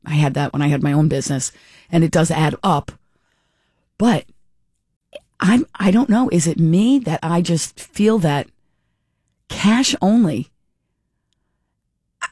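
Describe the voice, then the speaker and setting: Chatty middle-aged woman, low voice. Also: a little mellow, no echo, studio quality. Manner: chatty and rambling, with frequent restarts and self-corrections. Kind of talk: casual storytelling monologue.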